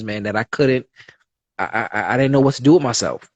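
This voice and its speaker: A man's voice: medium pitch, normal speed, a little mellow, no room sound. A man talking as a podcast guest in casual conversation, sharing personal stories in an earnest, open way with many fillers.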